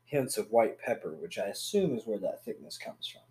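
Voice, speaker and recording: A man's voice: on the low side, sing-song, fairly quick, crowd noise. A man co-hosting a podcast in easygoing, agreeable casual chat. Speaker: podcast co-host.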